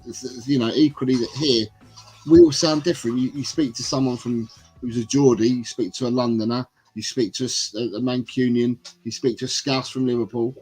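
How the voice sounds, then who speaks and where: A man's voice: mid-range voice, fairly even intonation, fairly quick, darkish tone, husky, soft background music, rough recording. Rambling guy hosting a football stream. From England. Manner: rambling, reads out chat comments. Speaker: livestream host. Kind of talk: casual football chat.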